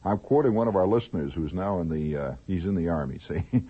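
On a tinny old radio broadcast with faint music behind him, a Midwestern American man hosts a late-night monologue. His husky voice sits low and sounds animated, a little fast, as he rambles through stories with asides and chuckles.

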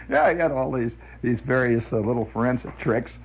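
Husky man telling rambling radio stories. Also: medium pitch, a little fast, hardly any pauses, muffled recording. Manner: lively, chuckling, full of filler "uh"s. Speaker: radio monologist. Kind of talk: rambling storytelling monologue.

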